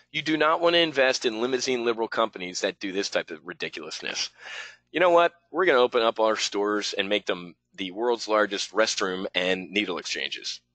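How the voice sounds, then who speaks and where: A man's voice: on the low side, sharp tone, no room sound, low-quality recording. A middle-aged man giving blunt, casual stock market commentary, talking straight to his audience. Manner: brash, blunt and conversational, addressing "folks".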